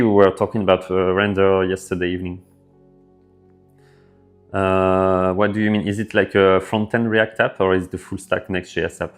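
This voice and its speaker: A man with a French accent, hosting a casual developer livestream and answering viewer questions in a relaxed way with lots of fillers. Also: low voice. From France. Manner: relaxed, filler-heavy, thinking aloud. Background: faint background music.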